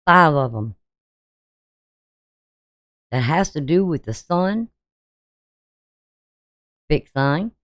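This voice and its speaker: A woman's voice: deep voice, lively intonation, extremely slow, pauses often, fairly bright tone, dry recording, studio quality. A woman astrologer giving a forecast in an emphatic, preachy way, firing off rhetorical questions at her viewers. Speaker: astrologer and tarot reader.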